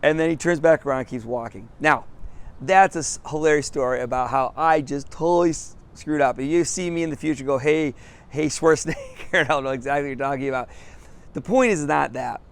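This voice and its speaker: A man's voice: on the high side, fairly quick, gravelly, smooth. A middle-aged man, a business coach, telling a story to camera on a city sidewalk outdoors, upbeat and laughing often at himself.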